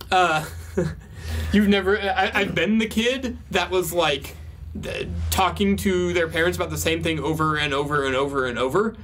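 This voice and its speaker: A young man with a fairly high voice talks through viewer questions in a loose, casual advice chat. He laughs often and leans on fillers as he thinks aloud, easygoing rather than polished. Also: fairly bright tone. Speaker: co-host answering viewer questions.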